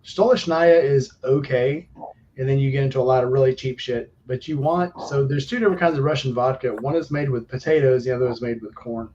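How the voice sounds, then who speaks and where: A man co-hosting a live stream, chatting casually and rambling through stories with drawn-out fillers. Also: mid-range voice, darkish tone, dull audio, slight background noise. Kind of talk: casual chat.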